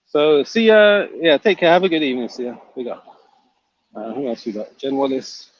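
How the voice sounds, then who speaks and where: Speaking at a moderate pace in a medium pitch, this livestream host reads out chat comments and pokes fun at the people who wrote them. It's casual stream talk, and the audio has its high frequencies cut off.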